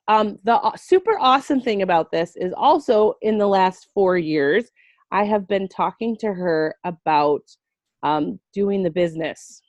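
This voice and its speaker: A woman's voice: fairly low pitch, darkish tone, no echo. A woman in her thirties who sells essential oils, telling a story in casual chat on a video call, animatedly quoting herself and her friend. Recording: dull lo-fi video call audio.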